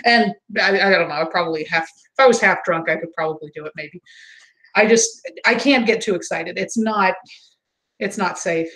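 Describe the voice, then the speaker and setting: A woman hosting a casual livestream, chatting and answering chat comments, sometimes mimicking others in high exaggerated voices. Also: moderate pace, a bit bright, rough recording. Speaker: livestream host.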